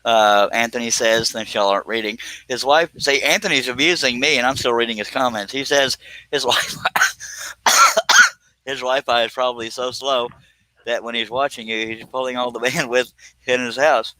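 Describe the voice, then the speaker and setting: A man's voice: medium pitch, moderate pace, bright, forceful tone, no room sound, low-quality recording. A man, hosting a live stream, joking and reading viewer comments aloud. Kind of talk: casual live stream chat.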